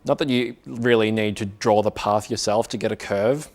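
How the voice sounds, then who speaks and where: A man's voice: on the low side, steady tone, normal speed. A man giving a casual tech talk at a meetup, chatty and self-mocking, with many filler words. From Australia. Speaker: meetup speaker. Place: office meeting room.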